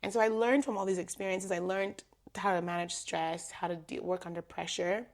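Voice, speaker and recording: A young adult woman talking as a guest on a podcast, her voice sitting fairly low. She tells stories with energy, laughs easily and acts out the voices of the people she quotes. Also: fairly even intonation, fairly quick. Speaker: guest, personal stylist. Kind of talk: conversational podcast interview.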